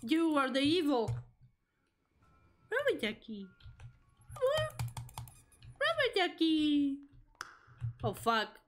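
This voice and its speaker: High-voiced jumpy woman streamer. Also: sing-song, takes it slowly, long pauses, faint music behind. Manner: jumpy, swearing, talks to the game. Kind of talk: live gameplay reaction.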